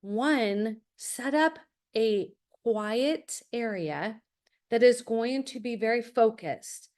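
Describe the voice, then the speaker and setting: A woman's voice: on the high side, lively intonation, takes it slowly, a little mellow. A middle-aged woman, a college admissions consultant, talking to parents in a masterclass, direct and full of stories. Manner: direct, anecdotal, acts out quotes. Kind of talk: webinar masterclass talk.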